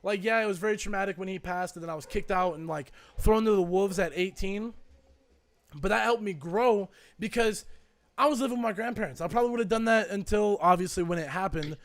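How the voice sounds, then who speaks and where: A young man with a notably high voice talks through a casual podcast chat. He rambles and circles back, leaning on fillers as he reflects. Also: fairly quick. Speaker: podcast co-host.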